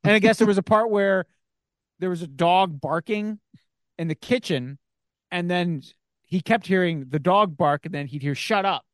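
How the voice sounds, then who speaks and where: A man's voice: sits high, moderate pace, dry recording, studio quality. A man hosting a podcast, telling a story in a rambling, casual way with lots of fillers and restarts. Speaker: podcast host. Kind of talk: casual chat.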